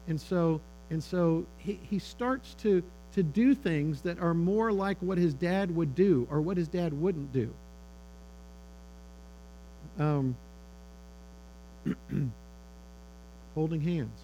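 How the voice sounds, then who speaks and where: A middle-aged man speaking to an audience of parents, animated and talkative, acting out the people in his anecdotes. His voice sits a little high for a man. A faint electrical hum runs under the recording. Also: slow pace, pauses often, poor audio. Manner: conversational, animated storytelling with quoted dialogue. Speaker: speaker on fatherhood. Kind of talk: sermon-style talk to parents.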